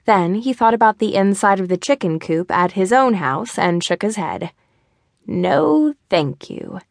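A woman narrating a mystery novel with an even storytelling delivery. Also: mid-range voice, moderate pace, no room sound, clean studio sound. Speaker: audiobook narrator. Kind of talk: scripted narration.

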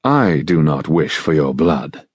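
A man voicing a suave, mild-mannered swordsman who speaks softly with dry irony. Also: very deep voice, big pitch swings, slow pace, husky, no echo, full character voice. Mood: mild, ironic. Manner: soft, mild, dryly ironic. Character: suave mocking male swordsman, cool and mild.

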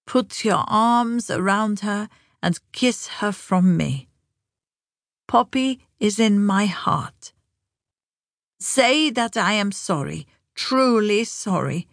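A woman's voice: mid-range voice, no room sound, studio quality. Woman voicing a blunt ninety-year-old grandmother. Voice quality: flat, slow, deliberate.

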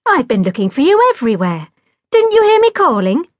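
A woman puts on a tall, boisterous young man, loud and impatient, always exclaiming. His lines jump up in pitch and volume. The sound is dry and close. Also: wildly swooping pitch, brisk, no echo.

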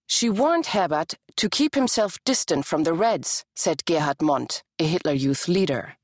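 A woman reading a history audiobook in a measured, even scripted narration. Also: fairly low pitch, no echo, clean studio sound.

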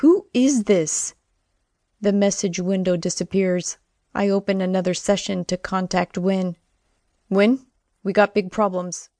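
A woman's voice: medium pitch, little pitch movement, a little slow, darkish tone, no room sound, studio quality. A woman reading a first-person audiobook narration in a wry, sardonic manner.

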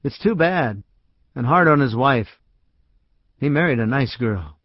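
A chatty small-town businessman with a folksy drawl, voiced by a male storyteller. He talks in homespun, easygoing phrases, pitched a little up. The recording is dry and slightly dull, like a close studio read. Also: lively intonation, a little slow, no echo.

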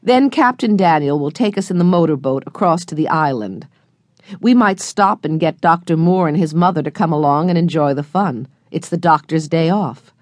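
A woman reads as a gentle storybook grandfather with a steady, reassuring way of speaking. The voice sits low and lilts up and down as he lays out the plan for the children. The sound is close and dry. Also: moderate pace, dry recording. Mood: calm. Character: kindly grandfather, calm and generous.

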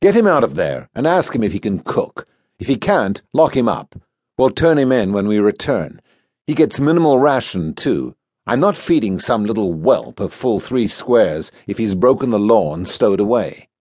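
A brusque sea captain barking short orders, low and commanding with a lively swing in the voice, as a male narrator plays him. The sound is dry and close to the mic. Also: normal speed, dry recording. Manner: curt, commanding.

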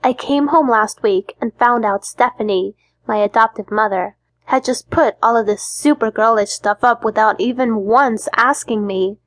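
Petulant, fairly high woman narrator. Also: moderate pace, hardly any pauses, dry recording. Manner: petulant young-adult tone with sulky outbursts. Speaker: audiobook narrator. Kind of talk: first-person audiobook narration.

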